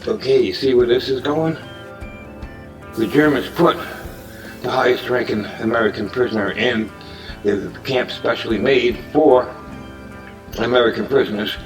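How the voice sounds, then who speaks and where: A man casually pitching a movie idea in a meandering monologue, with restarts and uneven loudness. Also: normal speed, pauses often, recorded from a distance, faint music behind, poor audio.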